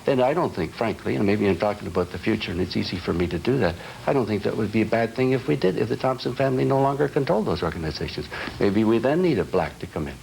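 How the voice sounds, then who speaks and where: A man being interviewed for a television documentary, talking haltingly with many restarts as he searches for words. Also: on the low side, lively intonation, gravelly, a little mellow, slight background noise, poor audio. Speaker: interviewee, business heir.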